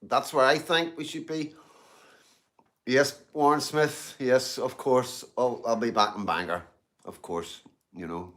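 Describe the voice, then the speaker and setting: A man's voice: mid-range voice, a little slow, fairly bright tone. Chatty man on a live stream. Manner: rambling, chatty, repeats himself, lots of "you know what I mean"; eating and drinking tea between remarks. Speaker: livestreamer reading out chat. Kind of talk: casual live-stream chat. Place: in Glasgow.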